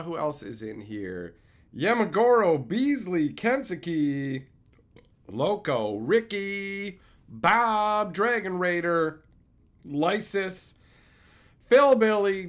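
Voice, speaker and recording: Animated, high-pitched streamer man. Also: extremely slow. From Canada. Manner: animated, profane ranting. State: loopy after medical sedation. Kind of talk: casual livestream chat.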